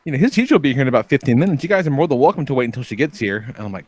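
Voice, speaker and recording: A man's voice: fairly high pitch, lively intonation, rapid-fire, hardly any pauses, no echo. A man in his thirties co-hosting a podcast, telling stories in a laid-back way, swearing freely and chuckling often. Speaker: podcast co-host. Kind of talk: casual podcast banter.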